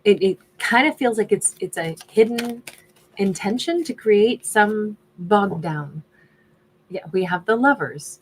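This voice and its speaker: A woman's voice: medium pitch, expressive, normal speed, a little hiss or hum. A woman doing a casual tarot reading who thinks aloud and is losing her voice. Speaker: tarot reader.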